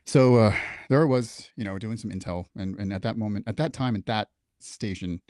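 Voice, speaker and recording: A man with a somewhat low voice tells a story from his service as a guest on a talk show. He swears freely and acts out the people in it. The sound is dry and close. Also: normal speed, no room sound. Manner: profane, animated, acts out quoted dialogue. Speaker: guest, military veteran. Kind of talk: casual storytelling in a podcast interview.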